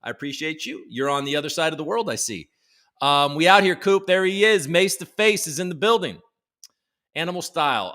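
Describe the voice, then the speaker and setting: A man hosting a casual live crypto stream, joking and teasing viewers as he reads the chat, with some swearing. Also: on the high side. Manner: lively, with big jumps in loudness. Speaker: crypto livestream host.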